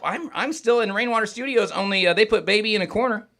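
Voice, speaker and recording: A man's voice: sits high, fairly quick, few pauses, pushed and bright. A man hosting a casual studio livestream, chatting and rambling with lots of fillers and restarts. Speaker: podcast host. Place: recording studio.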